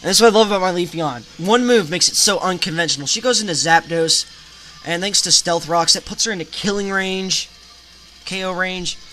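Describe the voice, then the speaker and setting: A man's voice: high voice, fairly quick, pushed and bright, soft background music. A man hosting a gaming channel, casually retelling a game battle move by move in a chatty play-by-play.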